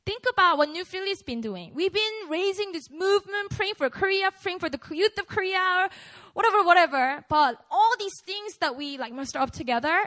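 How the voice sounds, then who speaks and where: A young woman preaches to a prayer meeting in a loose, conversational way, breaking into laughter as she goes. Her voice sits high and swings widely in pitch. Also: fairly bright tone, low-quality recording. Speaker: pastor.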